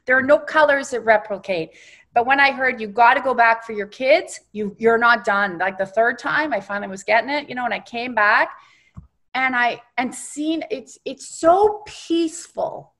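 Lady reverend on a podcast, kinda high voice, super animated and emphatic when she tells it. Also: normal speed. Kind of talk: spiritual conversation, guided exercise.

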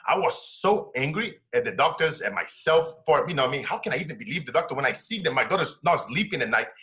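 A middle-aged man sharing a personal story as an interview guest, emotional and dropping to a hush for quoted words. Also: fairly high pitch, animated, quick pace. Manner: emotional, drops to a hushed voice when quoting his wife.

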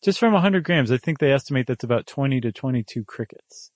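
A man co-hosting a podcast in casual, playful chat, joking and animated. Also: mid-range voice, quick pace, dry recording, studio quality. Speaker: podcast co-host.

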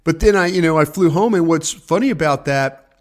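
A man's voice: on the high side, fairly quick. Rambling older man telling stories. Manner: rambling, acts out quotes in voices. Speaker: former scout, co-host. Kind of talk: casual storytelling chat. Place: home office. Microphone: video call.

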